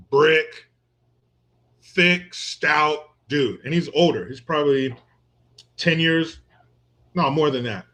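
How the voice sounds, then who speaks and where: A man's voice: medium pitch, pushed and bright. Profane joking man giving casual commentary. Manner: crude, joking, laughs often, rambling asides. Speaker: commentator reacting to a viral clip.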